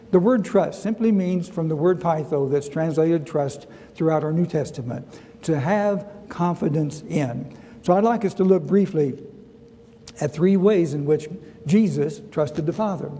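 A middle-aged man with a Southern US accent leads a Sunday school lesson in a church. His voice sits a little high but has a mellow tone, and he speaks earnestly, repeating key phrases and slowing down for scripture. A long hall reverb trails each phrase. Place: church sanctuary.

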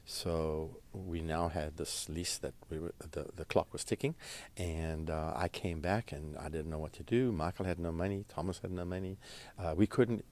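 A man, a restaurant founder, telling his story in an interview in an earnest, halting way, with fillers and restarts. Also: low-pitched, darkish tone. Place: red carpet event.

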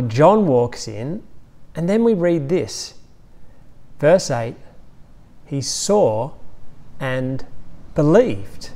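A man with an Australian accent preaching an Easter sermon, retelling scenes with lively storytelling asides. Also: fairly high pitch. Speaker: pastor.

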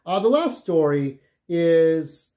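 A man's voice: on the high side, very animated, slow pace, warm tone. A man telling casual, rambling stories, full of swearing, who keeps checking in with "okay?". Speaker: vlogger. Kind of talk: casual storytelling.

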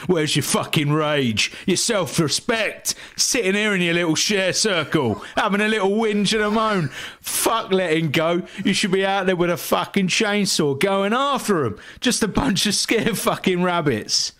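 A man from the UK imitating a gruff, foul-mouthed male vigilante leader, ranting with contempt. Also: sits high, a little slow, hardly any pauses, fairly bright tone, voice pushed up. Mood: contemptuous rant.

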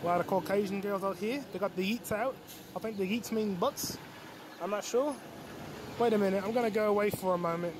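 High-voiced man rambling outdoors, profane. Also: fast talker. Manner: loose, profane, rambling storytelling. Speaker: vlogger. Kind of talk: casual rambling monologue. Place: outdoors in a city, walking and sitting on a bench. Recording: loud outdoor street noise. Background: traffic and city ambience.

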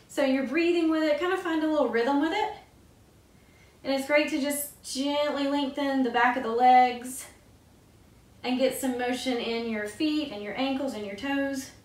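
A woman leading a gentle yoga class, giving calm, soothing cues paced with the breath. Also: high voice, far from the mic. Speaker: yoga instructor. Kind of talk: gentle guided yoga instruction. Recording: echoey room, voice a bit off-mic.

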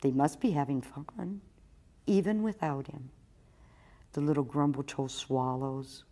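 A woman's voice: deep voice, measured pace, mellow. A woman children's librarian reading a picture book aloud expressively for storytime.

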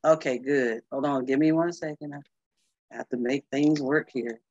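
A woman presenting a historical tribute on a video call, excited and fumbling with screen sharing. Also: a bass voice, unhurried, no echo. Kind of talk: casual presentation. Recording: dry, muffled call audio.

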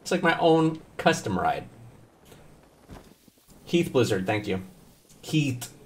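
Animated, swearing male game streamer. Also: mid-range voice, takes it slowly. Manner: animated, swears often, jokes with chat. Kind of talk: casual live-stream commentary.

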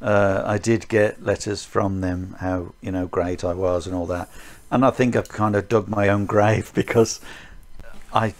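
A man's voice: on the low side, fairly even intonation, unhurried. A man, a martial arts teacher, talking in casual podcast chat, rambling with dry chuckling asides.

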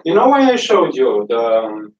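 A man, a painter, talking in a soft, hesitant way during a casual chat. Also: medium pitch, huge pitch swings, moderate pace, echoey room, highs cut off, slight background noise.

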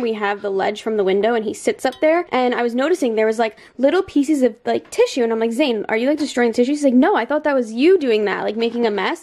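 A young woman in her twenties chatting casually in a home vlog, bubbly and talkative, squealing with excitement and talking to her cats. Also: on the high side, vocal fry, slight background noise. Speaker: vlogger. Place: home bedroom and kitchen.

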